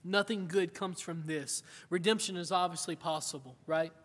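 A man's voice: high-pitched, moderate pace, fairly bright tone. A middle-aged man preaching a sermon in an earnest, conversational way, often asking his listeners questions. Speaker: pastor. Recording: long hall reverb.

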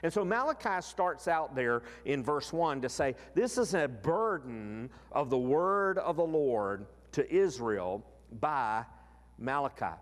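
A man preaching a sermon in an expressive way, slowing down to stress key words. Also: medium pitch, big-room sound. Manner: expressive, slows down for emphasis.

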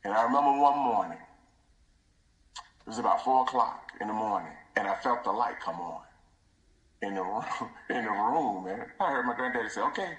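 A man's voice: fairly low pitch, moderate pace, pauses often, fairly bright tone. Man's tribute, voice dropping to near whisper. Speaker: son giving a funeral tribute. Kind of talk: emotional funeral tribute. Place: church. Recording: echoey church room.

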